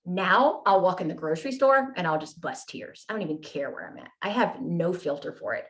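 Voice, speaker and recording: A woman's voice: on the low side, lively intonation, fairly quick. A woman guest telling her personal story in an earnest, candid way, often checking in with "right?" and "you know?". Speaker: podcast guest.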